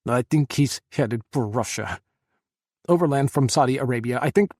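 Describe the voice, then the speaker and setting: A man's voice: medium pitch, normal speed, darkish tone, dry recording, clean studio sound, lightly acted. A man voicing a grieving former president who pleads urgently for help. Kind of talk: audiobook character voice.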